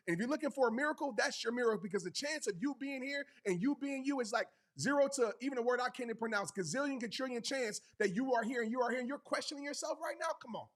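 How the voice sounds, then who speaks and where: A man with a fairly high voice delivers a motivational speech. He speaks earnestly and emphatically, hammering home repeated phrases and urging the listener directly. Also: a bit bright.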